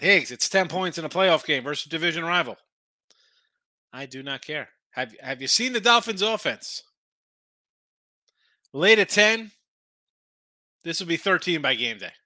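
A tired man hosts a late-night betting stream, rattling off brash picks in a bright, forceful voice. He sits close to a dry mic with no room sound, pitched a little high for a man. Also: no room sound. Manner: brash, rapid-fire opinions, talks to chat. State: tired, yawning. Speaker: sports betting show host.

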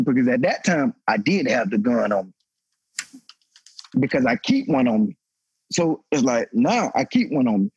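This former footballer, a man in his thirties, swears openly while telling a raw, emotional story to a podcast panel, his pitch rising as feelings take hold. His husky voice swings widely in pitch at a measured pace, pausing often. The highs are cut off in the recording.

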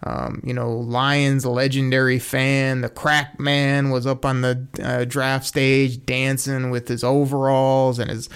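A man's voice: mid-range voice, monotone, slow, hardly any pauses, clean tone. A man hosting a casual sports talk show, enthusiastic and rambling, with frequent restarts. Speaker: sports podcast host.

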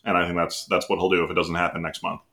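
Man, podcast co-host, lowish pitch, bright forceful tone, dry deadpan humor. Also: rapid-fire. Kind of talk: casual podcast chat.

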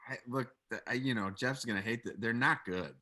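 A man who is an actor and a guest on a movie podcast, giving wry, animated critique. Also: medium pitch, brisk. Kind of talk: casual movie podcast chat.

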